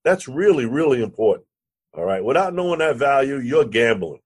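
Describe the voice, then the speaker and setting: A man, a real estate lender and podcast guest, telling a lively anecdote and acting out the other voices. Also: medium pitch, moderate pace, slightly rough. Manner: animated anecdote teller, acts out quoted dialogue, curses casually. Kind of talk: storytelling in a podcast interview.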